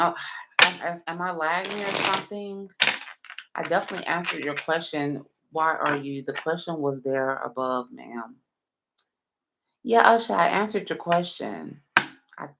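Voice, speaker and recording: A woman's voice: sits low, creaky, heavy background noise. A woman reading tarot on a late-night live stream. She is sleepy and yawning, and she rambles through many fillers while she answers viewers one by one.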